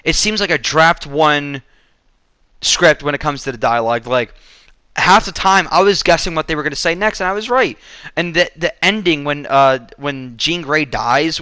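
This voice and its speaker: A man rants through a movie review with sarcasm and plenty of swearing. His voice sits a bit high and sounds sharp and tense. The sound is close and dry, with no room around it. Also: moderate pace, dry recording. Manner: profane, sarcastic ranting. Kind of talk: casual movie review rant.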